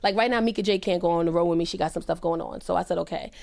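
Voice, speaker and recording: A woman's voice: very fast, creaky, darkish tone. Earnest woman comedian telling a serious story. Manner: earnest, emphatic storytelling with rising pitch on quoted lines. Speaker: comedian guest. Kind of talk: podcast conversation, telling a personal story.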